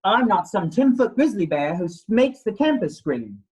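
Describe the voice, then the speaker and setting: A man's voice: sits high, big pitch swings, normal speed, a little mellow, poor audio. A man voicing an exasperated koala who is fed up at being called a bear, ranting in rhyme with casual slang. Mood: indignant. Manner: indignant rhyming rant with casual slang.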